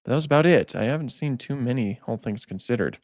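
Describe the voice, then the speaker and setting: A man's voice: mid-range voice, lively intonation, fast, darkish tone, no room sound, studio quality. A man hosting a gaming channel, chatting casually as he plays and repeating himself when startled. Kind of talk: casual let's-play commentary.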